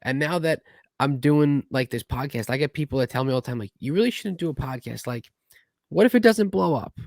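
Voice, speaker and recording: An eager young man hosts a casual podcast, rambling through stories of what he told people. His voice sits at a middle pitch and sounds dry and close, with little room around it. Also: fast talker, dry recording. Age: young adult. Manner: eager, rambling, retells talks with "I go". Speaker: podcast host. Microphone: video call.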